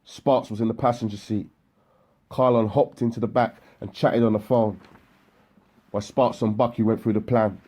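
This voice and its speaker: A man reading an audiobook in a steady, matter-of-fact narration. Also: on the low side, moderate pace. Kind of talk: scripted narration. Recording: electronic music bed underneath.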